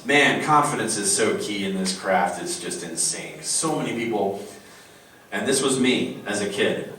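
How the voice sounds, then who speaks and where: A man on a convention panel, talking casually as a voice actor, animated and jokey. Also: lowish voice, recorded from a distance, slight background noise. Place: convention hall. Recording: very echoey hall, recorded from afar.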